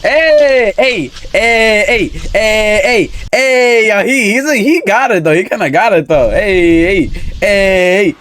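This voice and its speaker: High-voiced man laughing through reaction clips. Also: slow pace, few pauses, fairly bright tone, a little hiss or hum. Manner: laughs a lot, exclaims "yo" and repeats himself. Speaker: streamer reacting to funny videos. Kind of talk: casual reaction commentary.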